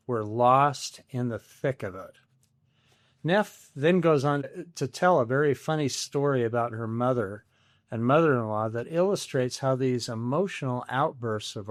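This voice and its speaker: A man's voice: mid-range voice, no echo, studio quality. A man in his seventies hosting a solo podcast, telling a family story in a wry, self-deprecating scripted style. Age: 70s.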